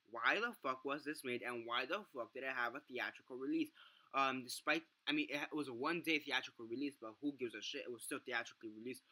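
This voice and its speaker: Bright-voiced young man ranting. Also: mid-range voice. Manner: profane, exasperated ranting with many fillers and restarts. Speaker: vlogger reviewing a film. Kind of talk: casual ranting review.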